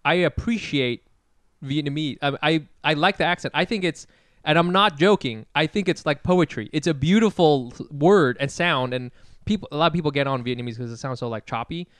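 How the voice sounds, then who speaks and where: A man co-hosting a podcast in casual conversation, laughing often and chiming in with quick agreement. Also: fairly high pitch, a bit bright, no room sound.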